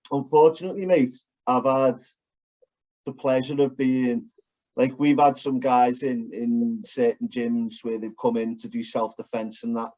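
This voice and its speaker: A man's voice: medium pitch, fairly even intonation, unhurried, a little mellow. A man with a Liverpool accent, co-hosting a podcast in casual chat and telling blunt, sweary stories. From Liverpool, England. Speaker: podcast co-host. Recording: dull lo-fi sound.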